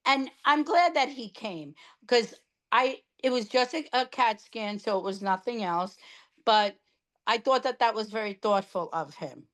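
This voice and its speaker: An older woman spins a long story in relaxed podcast conversation. Her voice sits a bit high. She is chatty and animated, with a note of exasperation. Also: unhurried. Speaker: podcast co-host sharing her cancer treatment. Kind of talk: casual chat.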